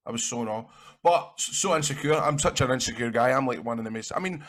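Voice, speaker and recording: A man with a Scottish accent, a guest in an interview, telling rambling, animated stories and swearing freely. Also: medium pitch, fast. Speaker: interview guest, actor and wrestler. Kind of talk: casual anecdotal storytelling.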